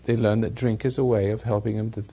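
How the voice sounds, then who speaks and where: A man's voice: lowish voice, level tone, quick pace, dark tone, husky. A man giving a rambling talk to a live audience, chuckling at his own jokes as he tells stories. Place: evening gathering with an audience.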